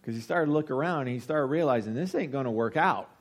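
A man's voice: medium pitch, lively intonation, fast. Conversational man preaching a sermon. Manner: conversational, swings between loud emphasis and quiet asides. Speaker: pastor.

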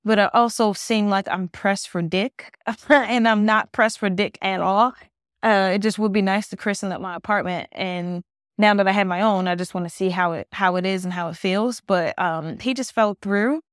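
A woman's voice: mid-range voice, fairly even intonation, moderate pace, no echo. Woman, solo podcast host, casual rambling storyteller, lots of "like", dry close sound. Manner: rambling storytelling, heavy use of "like". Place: her new apartment.

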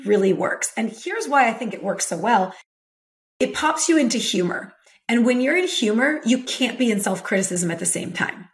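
Upbeat woman coach on a podcast. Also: mid-range voice. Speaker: podcast guest, women's leadership coach. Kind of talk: conversational interview.

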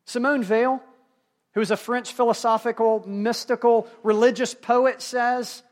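A male pastor preaching a sermon, swinging between hushed, quiet moments and emphatic, rising passages. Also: very high-pitched, steady tone, unhurried.

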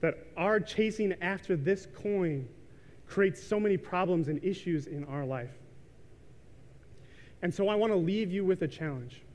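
A man's voice: sits high, measured pace, a little mellow. A man in his thirties preaching a sermon in a church, telling a story casually with lots of ums and likes. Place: church sanctuary. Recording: reverberant church hall.

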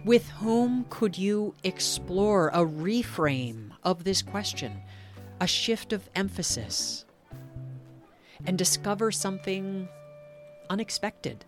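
A woman podcast host in gentle, contemplative narration and reflective conversation. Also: mid-range voice, big pitch swings, slow pace, soft background music.

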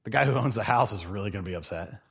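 A man's voice: lowish voice, rapid-fire, vocal fry, breathy edge. A middle-aged male pastor preaching a sermon, telling funny stories and acting out the people in them. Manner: animated, joking, acts out voices in his stories.

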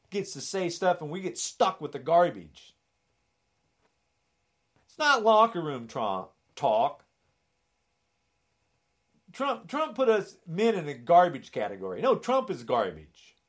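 A man delivering an angry political rant, sarcastic and indignant, often mocking. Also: high-pitched.

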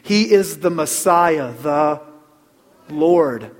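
A middle-aged man preaching a Christmas sermon as pastor, earnest, repeating words and dropping to a hush on key phrases. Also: high-pitched, lively intonation, slow. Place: church sanctuary. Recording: long hall reverb.

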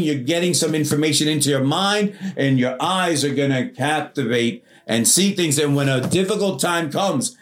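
A man's voice: medium pitch, reverberant. A male pastor delivering a sermon in an earnest, exhorting way, repeating key phrases and ending in prayer.

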